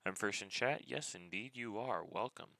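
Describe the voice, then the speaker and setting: A man's voice: fairly low pitch, moderate pace, vocal fry, pushed and bright, no echo, low-quality recording. A man chatting casually on a live game stream, greeting viewers by name in an easygoing way.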